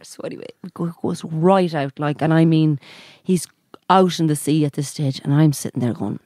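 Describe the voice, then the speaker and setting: A woman's voice: deep voice, moderate pace, no room sound, studio quality. A woman with a Mayo Irish accent, a podcast co-host telling a rambling story in casual chat. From Ireland, County Mayo. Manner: rambling, animated, acts out quotes.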